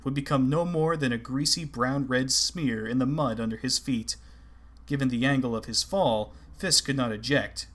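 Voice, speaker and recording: Man, audiobook narrator, steady measured reading, mid-pitched voice.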